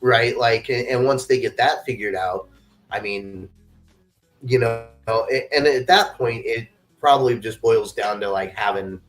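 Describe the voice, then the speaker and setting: A man's voice: medium pitch, unhurried, faint music behind. A man hosting a podcast in casual conversation, swearing freely and filling his talk with "you know" and "like". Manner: casual and profane, stacks fillers like "you know" and "like". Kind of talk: casual chat. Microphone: remote call mic.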